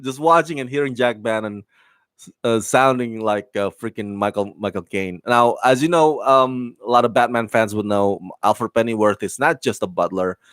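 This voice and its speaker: A man's voice: mid-range voice, normal speed, a bit bright, clear, resonant tone, dry recording. A man giving a casual spoken review of a TV show, enthusiastic and rambling, with many fillers, restarts and laughs.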